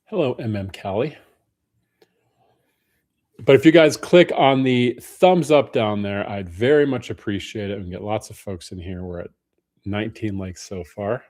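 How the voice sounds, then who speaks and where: A man's voice: fairly low pitch, moderate pace, darkish tone. A man hosting a casual live stream Q&A, greeting viewers by name in a friendly way. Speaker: livestream host.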